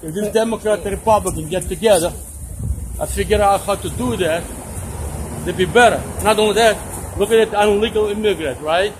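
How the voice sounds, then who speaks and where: A man's voice: high-pitched, brisk, poor audio. A man giving blunt, opinionated answers in broken English during a street interview. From Russia. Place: busy street outdoors. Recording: loud street traffic noise.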